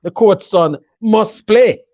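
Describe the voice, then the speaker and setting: Animated jamaican man talking football. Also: high voice, slow pace, dry recording. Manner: animated, confident, mixes patois with English. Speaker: football pundit. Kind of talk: casual sports chat.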